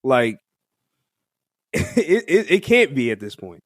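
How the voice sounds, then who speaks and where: Man, fairly high voice, slangy casual podcast chat, laughs a lot, dry close sound. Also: very animated, slow pace, no echo. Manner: slangy, laughs often, rambling restarts. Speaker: podcast co-host. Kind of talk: casual music review chat.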